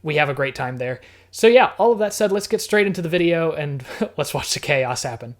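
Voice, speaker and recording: A man casually commenting as he reads a text adventure game aloud, getting excited and laughing often. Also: on the high side, a little fast, soft background music. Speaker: gaming YouTuber.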